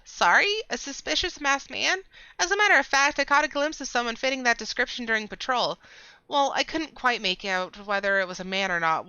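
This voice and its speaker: A woman voicing an eager male patrol guard in a game with a nasal, high voice. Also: sharp tone, clean tone, no echo, muffled recording.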